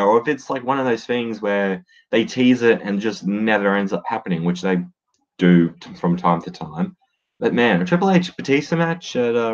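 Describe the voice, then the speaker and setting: A man giving casual solo commentary on wrestling, blunt and swearing freely, with lots of fillers. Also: medium pitch. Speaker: wrestling podcaster. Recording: dull lo-fi sound.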